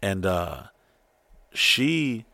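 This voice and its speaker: A man's voice: sits low, extremely slow, no echo, clean studio sound. A man telling stories in casual chat, swearing often and acting out the people he quotes. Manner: profane, animated, acts out quotes.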